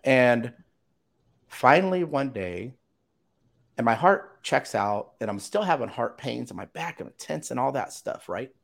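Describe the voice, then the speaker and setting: A middle-aged man telling a personal story as a podcast guest, animated, acting out other people's lines and swearing casually. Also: mid-range voice, normal speed, creaky. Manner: animated, acts out quoted voices, swears casually.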